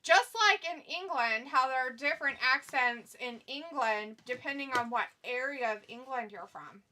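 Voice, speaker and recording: A woman with a bright, fairly high voice talks casually on a live stream. She teases her viewers and laughs often as she reads their comments aloud. Her tone stays loose and unscripted. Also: moderate pace. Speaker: stream co-host.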